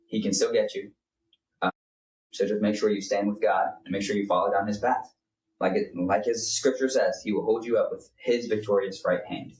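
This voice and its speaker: A man's voice: on the low side, fairly even intonation, normal speed, a little mellow. A young man, a podcast co-host, talking earnestly in a rambling, casual way with many fillers. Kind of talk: casual faith chat. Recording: roomy, distant mic.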